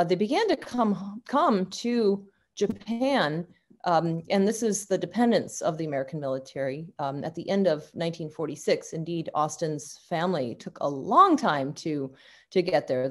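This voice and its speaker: Lower-voiced woman giving a lecture. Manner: unscripted, frequent fillers and restarts. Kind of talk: university lecture.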